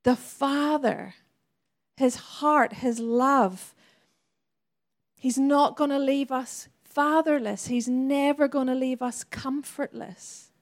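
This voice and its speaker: High-voiced woman preaching unhurriedly. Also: slow. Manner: earnest, conversational, with laughing asides. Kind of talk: sermon.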